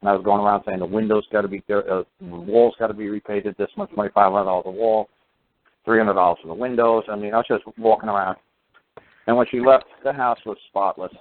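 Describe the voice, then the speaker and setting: A man's voice: lowish voice, fast talker. A man telling a long story in a casual, rambling way, full of fillers and restarts. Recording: tinny phone line.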